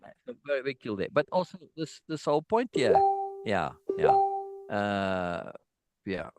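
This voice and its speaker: A man's voice: medium pitch, very animated, moderate pace, darkish tone. A man giving an informal online songwriting lesson, thinking aloud and checking in with his students with a frequent "right?". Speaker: songwriting teacher.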